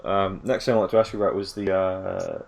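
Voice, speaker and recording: A man hosting a podcast, asking questions in a relaxed way and giving short replies. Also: low voice, fairly quick, creaky. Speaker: podcast host. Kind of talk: casual interview.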